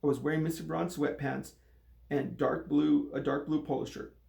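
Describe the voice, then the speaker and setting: A man's voice: on the high side, moderate pace, gravelly, echoey room. A man, a coach, reading a children's novel aloud with voiced dialogue. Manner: steady storytelling with voiced dialogue.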